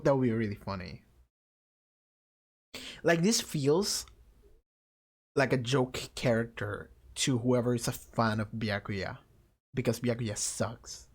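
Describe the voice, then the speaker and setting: A woman's voice: extremely low pitch, darkish tone. A woman streaming a visual novel, rambling through blunt, offhand opinions on the characters, with faint game music behind her. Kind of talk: casual let's-play commentary, reading dialogue aloud.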